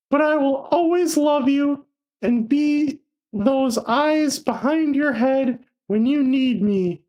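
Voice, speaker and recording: A woman reading aloud the lines of a domineering male romance hero in her own voice, flat and stumbling. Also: sits high.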